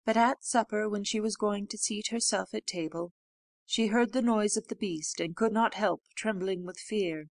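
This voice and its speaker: A woman narrating a fairy tale aloud in a measured, clear storytelling manner. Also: medium pitch, no room sound. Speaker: audiobook narrator. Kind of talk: storybook reading.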